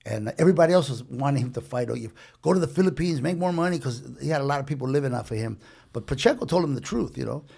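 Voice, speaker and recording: A man's voice: mid-range voice, creaky, a little mellow. A man telling rambling, chatty anecdotes as a guest on a casual podcast, restarting his sentences and dropping in Spanish slang. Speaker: guest storyteller.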